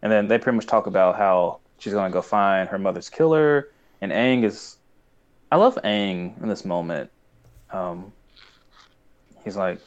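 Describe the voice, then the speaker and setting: A man's voice: on the low side, lively intonation, measured pace, pauses often. A young man chatting casually as a podcast co-host, rambling and acting out quoted lines. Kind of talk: casual chat recapping a cartoon.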